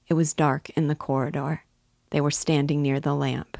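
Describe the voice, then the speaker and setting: A woman narrating a classic novel in a measured, even reading voice. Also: sits low, vocal fry, no room sound, clean studio sound.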